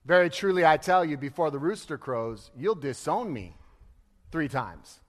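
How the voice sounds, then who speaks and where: Lively high-voiced preacher in a reverberant hall. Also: male voice, moderate pace. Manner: lively, laughing storyteller acting out quotes. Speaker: pastor. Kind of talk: sermon.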